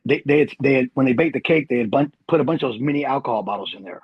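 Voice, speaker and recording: Husky, fast-talking veteran man. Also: medium pitch, dry recording. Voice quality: animated, slangy, says "dude". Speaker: army veteran guest. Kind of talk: casual storytelling. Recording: dull lo-fi recording.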